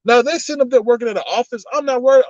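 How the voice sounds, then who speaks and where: A man hosting a casual livestream, reading the chat and telling stories in an animated, exclamatory way, often laughing. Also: very high voice, rapid-fire, no room sound. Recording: dull, slightly lo-fi, dry sound.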